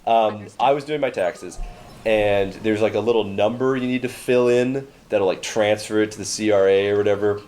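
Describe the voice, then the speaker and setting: A man's voice: on the low side, normal speed, darkish tone, slight background noise. A young man from Canada, co-hosting a podcast, telling a story in casual chat. He swears freely and acts out the voices of the people he quotes. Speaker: podcast co-host.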